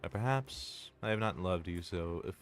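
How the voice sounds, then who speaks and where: A man voicing a possessive, menacing female entity that is inhumanly strong as he reads game dialogue aloud, in slow, theatrical, formal speech. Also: deep voice, music in the background, close to an everyday voice. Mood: menacing, smothering.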